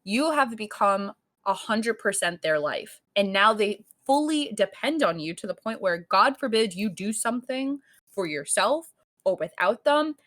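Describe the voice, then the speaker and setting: A young woman co-hosting a podcast, telling a story in casual chat, full of fillers and cursing, acting out quoted lines loudly. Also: mid-range voice, unhurried. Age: young adult. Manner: animated storytelling, heavy filler "like", frequent cursing; acts out quoted lines in raised louder voice. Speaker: podcast co-host.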